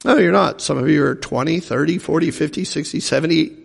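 Male pastor, sermon, emphatic, rhetorical questions, gravelly, reverberant hall. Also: fairly high pitch, brisk.

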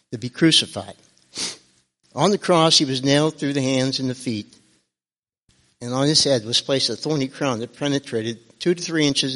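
A man's voice: mid-range voice, a bit bright, big-room sound. A man giving a devotional talk at a church service, hesitant and earnest, with many fillers.

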